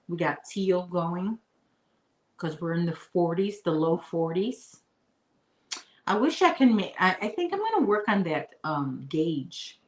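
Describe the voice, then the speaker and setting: Chatty woman vlogger in an echoey room. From Chicago area. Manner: chatty and rambling, talks to her puppy in a high baby voice. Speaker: crochet vlogger. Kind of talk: casual chat to live viewers.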